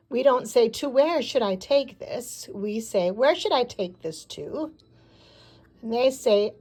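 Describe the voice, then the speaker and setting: A woman teaching a Spanish class, calmly pronouncing each word for her students. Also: on the high side. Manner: clear, deliberate pronunciation of words. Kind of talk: slow classroom lesson.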